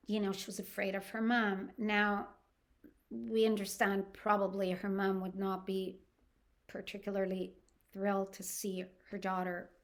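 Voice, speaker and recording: Earnest older woman telling a story. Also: mid-range voice. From Canada. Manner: earnest and halting, with restarts and acted-out quotes. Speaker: podcast host. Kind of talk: personal storytelling podcast.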